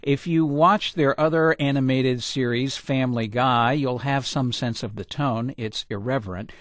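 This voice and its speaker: A man hosting a radio news program, reading his introduction in a measured, even way. His pitch is mid-range. The sound is dry and close to the mic. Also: no echo.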